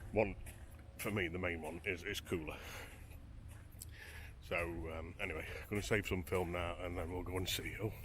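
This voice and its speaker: A man's voice: sits low, fairly even intonation, normal speed, a bit bright, slight background noise. A man vlogging as he walks a beach at sunrise, chatting to camera and wondering aloud as he goes. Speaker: travel vlogger. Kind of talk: casual walking narration to camera. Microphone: handheld camera while walking.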